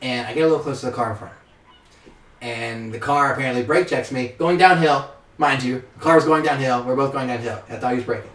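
A man's voice: mid-range voice, fast talker, recorded from a distance. A young man casually telling stories to friends, swearing freely and acting out what people said. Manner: profane, animated, acts out quotes. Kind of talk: casual storytelling among friends. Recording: roomy sound, a bit off mic.

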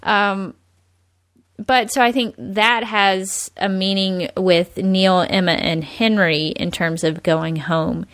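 A woman's voice: medium pitch, fairly even intonation, slow pace, dry recording. A woman co-hosting a podcast in casual chat, laughing often and using lots of likes and ums. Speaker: podcast co-host.

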